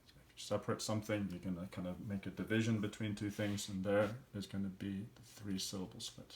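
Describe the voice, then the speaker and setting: A man's voice: on the low side, steady tone, brisk, slight background noise. A man teaching, walking patiently through language exercises and thinking aloud as he works out each answer. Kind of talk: explaining language exercises step by step.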